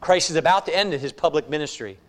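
A male pastor preaching a sermon, reading scripture slowly and pressing his point with rhetorical questions. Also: fairly high pitch. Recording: long reverb of a hall.

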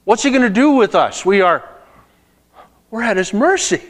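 A man's voice: high-pitched, expressive, normal speed, long reverb tail, pitched above the performer's own voice. A man voicing frightened grown brothers pleading for their lives, frantic and raised. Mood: panicked. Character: terrified grown brothers begging, panicked male voices.

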